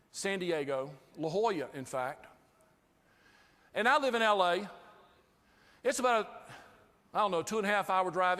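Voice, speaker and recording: Guy with a high voice doing a funny customer service talk, big reverby hall. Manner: lively, humorous storyteller. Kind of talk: storytelling training talk to a live group.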